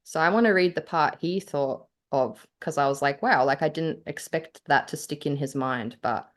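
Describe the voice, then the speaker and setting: An Australian woman with a low voice, a podcast co-host and author, speaks at a moderate pace. She chats casually and reads her own story aloud with feeling. She is animated, laughs often, and gets choked up.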